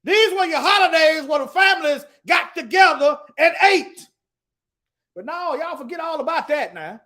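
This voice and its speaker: A man's voice: extremely high pitch, expressive, moderate pace, sharp tone. A man teaching the Bible in an emphatic preaching style, reading scripture aloud and addressing his listeners directly. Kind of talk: preaching to an online audience.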